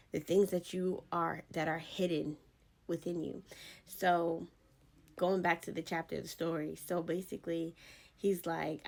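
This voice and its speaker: A woman host giving a casual devotional talk, retelling scripture in chatty, slang-filled storytelling. Her voice sits low and carries a gravelly fry. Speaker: podcast host.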